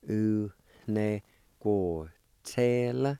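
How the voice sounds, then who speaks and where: A man's voice: lowish voice, expressive, takes it slowly, vocal fry, mellow, clean tone, no room sound. A man teaching a language on the radio, patiently spelling words letter by letter and repeating each syllable. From Oklahoma, United States. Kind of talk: slow language lesson, spelling and pronouncing words.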